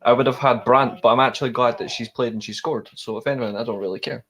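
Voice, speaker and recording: A man's voice: mid-range voice, steady tone, quick pace, a bit bright. A man, co-hosting a football watchalong and talking casually, rambling through his opinionated analysis with restarts. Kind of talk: casual live-stream chat.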